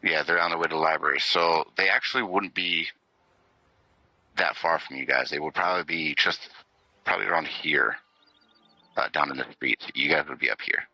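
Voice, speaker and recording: Low-voiced man running a tabletop game. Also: normal speed, gravelly, pauses often, poor audio. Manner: relaxed, filler-heavy narration with chuckles. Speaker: game master.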